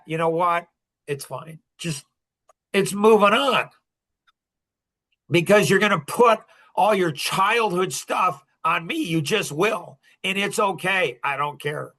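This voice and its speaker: A man with a high, bright, forceful voice lectures a group as their coach. He talks bluntly and with heavy emphasis, scolding his listeners and pushing them hard.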